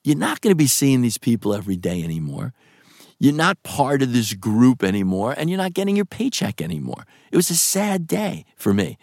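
Animated male guest, wide-ranging pitch, dry close sound, rambling and profane. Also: vocal fry, dry recording. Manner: animated, rambling, swears, laughs often. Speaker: actor guest. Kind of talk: interview storytelling.

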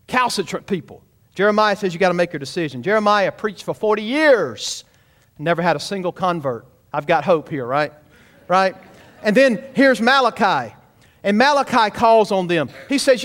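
Pastor in the pulpit, high-pitched, emphatic, pushes the congregation to respond. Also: male voice, a bit bright. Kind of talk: sermon. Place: church sanctuary.

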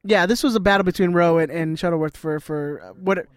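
A man co-hosting a casual sports podcast, chatty, full of fillers, and quick to laugh. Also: high voice, clear, resonant tone, no echo. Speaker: podcast co-host.

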